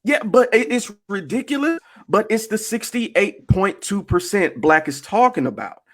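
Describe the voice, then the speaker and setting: A man's voice: sits high, big pitch swings, normal speed, fairly bright tone. A man hosting a casual online group discussion, talking emphatically, asking rhetorical questions and swearing.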